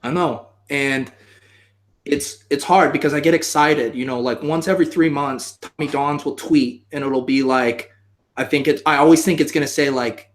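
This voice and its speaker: Theatrical man, higher voice, mock-sincere. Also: fairly even intonation, moderate pace. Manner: theatrical, mock-emotional, rambling. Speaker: stream guest. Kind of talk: comedic live stream chat.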